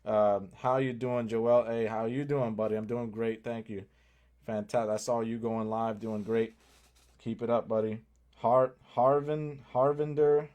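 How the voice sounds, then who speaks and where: A man hosting a live stream, greeting viewers by name and pitching to them in a hyped, direct way, with sudden drops into low asides. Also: measured pace, highs cut off. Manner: energetic, talks straight to viewers, greets chat by name; swings between loud hype and low asides. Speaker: livestream host.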